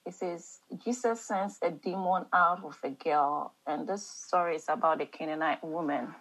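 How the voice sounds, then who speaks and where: A woman with an African accent leads a church Bible study discussion. She talks haltingly, repeating words and searching for the right ones, then reads scripture aloud. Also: sits low, fairly bright tone, husky, rough recording.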